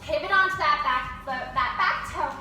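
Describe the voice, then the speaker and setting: A woman's voice: sits high, normal speed, pushed and bright, faint music behind. A woman yoga teacher guiding a class through poses and breaths, cueing in an encouraging way, recorded indoors. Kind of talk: guided yoga class instruction. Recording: very echoey room, voice from a distance.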